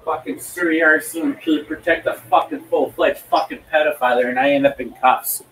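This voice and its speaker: A man's voice: fairly high pitch, steady tone, moderate pace, a bit bright, far from the mic, a little hiss or hum, rough recording. A young man ranting heatedly at home, swearing a lot and repeating himself as he livestreams. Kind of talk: angry profane rant.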